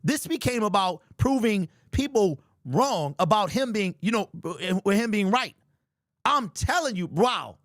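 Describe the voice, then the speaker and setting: Male sports host, lively high-pitched reactions, casual slang, dry mic. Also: a little slow, no echo. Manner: animated, exclaiming and slangy.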